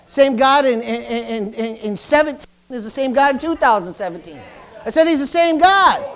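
A man's voice: very high-pitched, animated, moderate pace, a bit bright. A man preaching a fervent sermon in church, repeating himself and punctuating lines with hallelujah and praise the Lord. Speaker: pastor.

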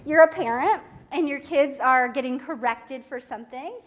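A middle-aged woman preaching a sermon in a lively way, laughing often and acting out what people say. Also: sits high, normal speed. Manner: lively, laughs often, acts out quoted speech.

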